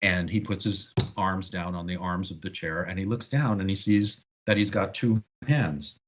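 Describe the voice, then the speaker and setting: A man's voice: low-pitched, normal speed, dull audio, background noise. A man as a guest film historian in a casual podcast discussion, telling stories with knowledgeable enthusiasm. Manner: animated, knowledgeable storyteller.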